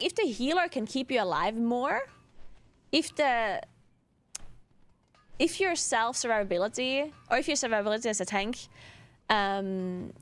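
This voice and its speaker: A woman streamer talks through her views in a relaxed, casual way. Her voice sits a little high, and she hedges often, tossing in "like" and "right?" as she thinks out loud. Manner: thinking aloud, hedging, many "like" and "right?".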